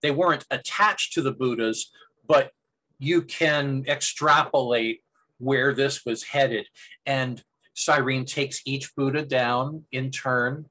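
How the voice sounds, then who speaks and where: A man's voice: mid-range voice, pushed and bright, poor audio. A man running a tabletop game as game master, narrating in a meandering way with frequent restarts.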